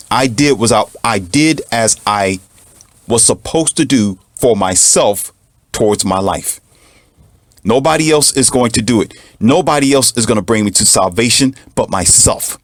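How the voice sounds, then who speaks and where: A man delivering an emphatic, preachy monologue, repeating lines for effect and mocking others in a high put-on voice. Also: dry recording, studio quality. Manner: mocks others in a high mincing voice. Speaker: commentator. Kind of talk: monologue to the camera.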